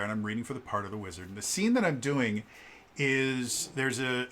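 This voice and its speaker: A man telling a casual story in a vlog, animated and acting out the quoted lines, with fillers and stammered restarts. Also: a little hiss or hum. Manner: animated, acts out quoted lines with shifts in pitch. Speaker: vlogger.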